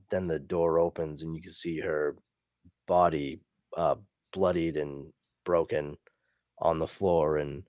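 A man's voice: low-pitched, a little mellow, no echo, studio quality. A man hosting a podcast, casually recapping a comic book story in a rambling way, full of fillers. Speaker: podcast host.

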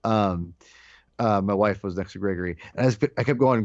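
A man in casual podcast chat, telling an animated story and acting out his own shouted lines. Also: on the low side, a little fast, no room sound. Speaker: podcast guest co-host. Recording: dull lo-fi dry sound.

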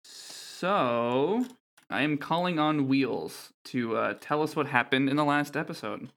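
A man's voice: mid-range voice, unhurried, fairly bright tone. A man hosting a tabletop role-playing podcast, introducing players and often breaking into laughter. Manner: laughing, self-interrupting. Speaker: host. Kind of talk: actual-play podcast chat.

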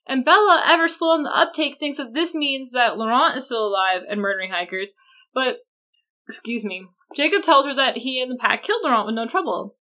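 A woman's voice: high-pitched, fairly quick, sharp tone. A young woman co-hosting a podcast, recapping a book in casual chat with sarcastic asides and quoted lines acted out. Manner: sarcastic, acts out characters' lines. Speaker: podcast co-host.

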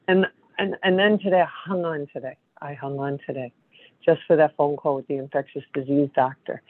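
A worn-down woman calling into a support group from her apartment, talking in a weary, halting way and breaking off mid-sentence. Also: sits low, dry recording. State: worn down, emotionally drained. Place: condo apartment. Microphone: phone. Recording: tinny phone line.

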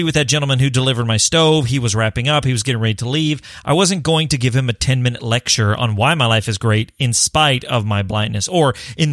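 A man's voice: medium pitch, a bit bright, no room sound, studio quality. A man hosting his own podcast, talking in an upbeat, encouraging, conversational way. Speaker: podcast host. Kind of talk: casual solo podcast talk.

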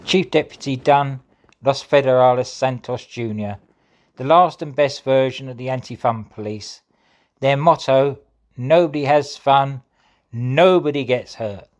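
Man, mid pitch, scripted narration, mock-serious announcer read. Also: a little slow.

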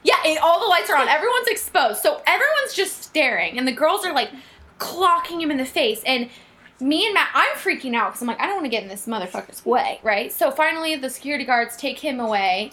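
A young woman co-hosts a casual podcast, spinning a wild story with lots of swearing and lively retelling. Her voice sits high and rings bright. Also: fairly quick. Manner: animated, swearing, acts out quotes. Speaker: podcast co-host.

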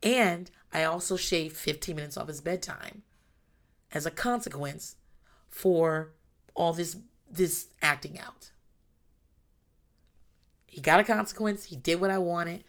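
A woman's voice: lowish voice, unhurried, pauses often. A mother in her thirties talking candidly about parenting, blunt and emphatic, swearing freely. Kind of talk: casual monologue.

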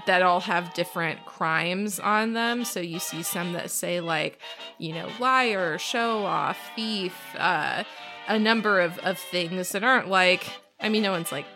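A woman narrating as game master of a tabletop game, casual and full of fillers. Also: lowish voice.

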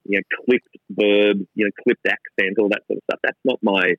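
Speaking at normal speed in a fairly low voice with fairly even intonation, a middle-aged Australian man who co-founded a gin company gives a casual, irreverent interview in the distillery lab. He pokes fun at himself and restarts often; the audio is narrow and tinny, with no room sound.

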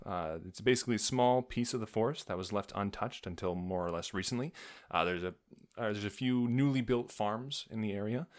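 A man narrating as game master of a tabletop game, relaxed and unhurried with many filler sounds. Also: lowish voice.

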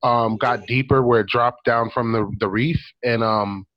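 A man's voice: medium pitch, steady tone, a little slow. Man, casual podcast chat, storytelling, ums and likes, a bit dull lo-fi sound. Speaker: podcast co-host.

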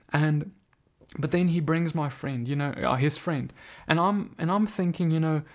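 A man telling a personal testimony in an earnest, halting way, with frequent restarts. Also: on the high side, a little mellow. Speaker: speaker giving a testimony.

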